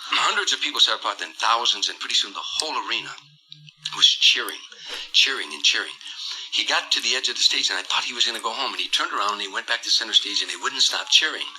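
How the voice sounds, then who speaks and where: A man's voice: medium pitch, lively intonation, fast talker, bright, forceful tone, low-quality recording. An older man telling a vivid, dramatic story in an interview, acting out the quotes as he goes. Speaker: performer recounting a tour.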